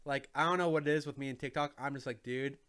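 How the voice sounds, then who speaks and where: A man's voice: mid-range voice, fairly even intonation, quick pace, a bit bright, clean tone. A young man streaming and chatting casually, joking and swearing freely as he talks. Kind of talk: casual chat.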